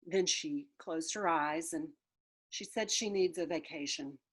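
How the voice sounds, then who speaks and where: A woman reading a children's book aloud with playful, expressive storytelling. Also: low-pitched, measured pace. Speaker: storybook reader.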